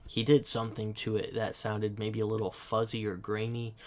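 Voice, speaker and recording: A man's voice: fairly low pitch, completely flat delivery, normal speed, darkish tone. A man hosting a music reaction channel, giving casual commentary in a thoughtful, hedging way with frequent self-corrections.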